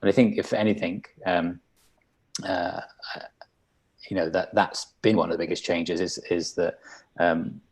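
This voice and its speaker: A man co-hosting a coaching podcast, talking in a halting, reflective way full of "um" and "you know". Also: deep voice, fairly even intonation, husky. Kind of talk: casual reflective conversation.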